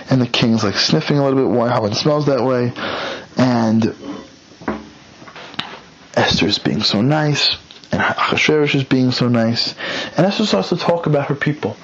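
A man casually retelling a story, bringing the quoted characters to life with changes in pitch and pace. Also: moderate pace, pauses often, highs cut off, a little hiss or hum. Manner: lively, acts out quotes with shifting pitch and pace.

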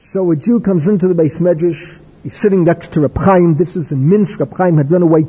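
An older man giving a discursive religious lecture with stories, in a husky voice. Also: on the high side, fairly quick, dark tone. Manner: discursive, wry, with Hebrew and Yiddish terms. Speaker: religious teacher. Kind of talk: lecture with storytelling. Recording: echoey hall with long reverb.

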